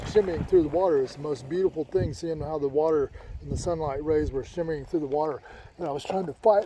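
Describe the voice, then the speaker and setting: A man tells a personal story, his voice slightly raised in pitch yet dark and mellow in tone. He rambles, repeats himself and restarts sentences as he goes. Faint traffic and outdoor noise sit behind him. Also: low-quality recording. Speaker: author telling a childhood story.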